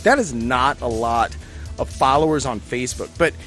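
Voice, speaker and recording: A man's voice: mid-range voice, moderate pace, a bit bright, soft background music. A man co-hosting a casual talk show, rambling and swearing as he laughs through stories. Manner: rambling, profane, laughing storyteller. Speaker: podcast co-host. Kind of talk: casual chat.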